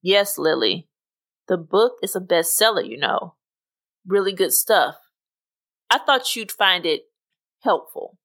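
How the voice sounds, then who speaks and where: A woman voicing a smug, condescending male coworker who speaks in an even, patronizing tone, in a read-aloud story. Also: medium pitch, slow pace.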